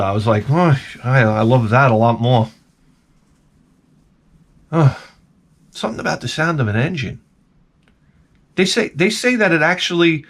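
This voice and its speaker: A vlogger with a mid-range, fairly bright voice rambles through a comic monologue to camera. He keeps veering off on tangents and stammering as he restarts his sentences.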